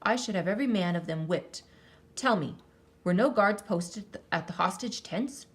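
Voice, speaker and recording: A woman voicing an enraged ancient king who shouts and scolds his men in a storybook reading. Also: mid-range voice, big pitch swings, normal speed, natural voice. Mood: furious. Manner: shouting, indignant. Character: furious old male king, ranting.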